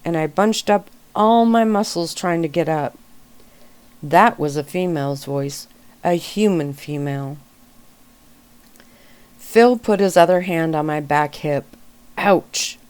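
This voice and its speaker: A woman reading a story aloud in a gentle, calm, unhurried way. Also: low voice, clear, resonant tone. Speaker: reader. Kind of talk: soft-spoken story reading.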